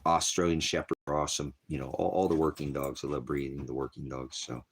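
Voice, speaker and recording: A man's voice: extremely low pitch, flat delivery, quick pace, slightly rough. A man with a cough rambling in casual livestream chat from a small cabin, often talking sweetly to his dog. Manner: rambling, talks baby-talk to his dog. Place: small hot cabin, off-grid farm.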